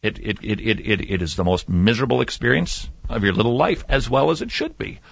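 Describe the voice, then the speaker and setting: A man hosting a Christian talk radio show, jokey and animated, swinging between loud bursts and muttered asides. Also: medium pitch, fairly quick, gravelly, breathy edge, no echo, highs cut off. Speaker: radio host. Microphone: studio desk mic.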